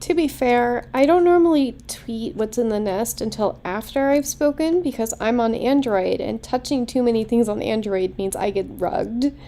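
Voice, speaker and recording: A woman's voice: on the high side, normal speed, hardly any pauses, dark tone. A woman hosting a casual online chat who talks in an easygoing, hesitant way. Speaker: host.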